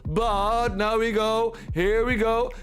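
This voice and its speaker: A man's voice: high-pitched, little pitch movement, takes it slowly, a bit bright. A Dutch man with a Dutch accent, casually commentating marble races on his live stream, playful and repeating himself. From Netherlands.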